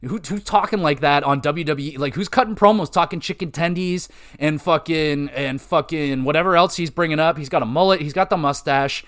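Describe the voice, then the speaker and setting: A young man with a fairly high voice hosting a podcast in casual chat. He talks excitedly, rambles and swears freely, leaning on filler words as he goes. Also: brisk. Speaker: podcast host.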